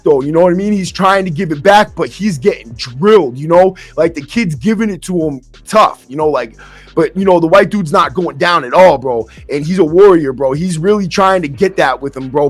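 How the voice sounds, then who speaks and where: A man's voice: a little high, no echo. A man hosting a podcast, telling stories in a blunt, streetwise way, often saying "bro" and restarting his sentences. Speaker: podcast host and former prisoner. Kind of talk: casual storytelling monologue. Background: faint acoustic guitar music.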